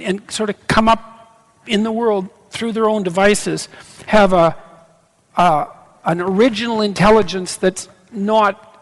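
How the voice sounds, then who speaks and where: A middle-aged man from Canada with a high, gravelly voice, answering audience questions on stage in a halting, stop-start way. His voice rings out through the long reverb of a big lecture hall. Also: fairly bright tone. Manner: halting, restarts often, laughs easily. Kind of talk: live on-stage Q&A.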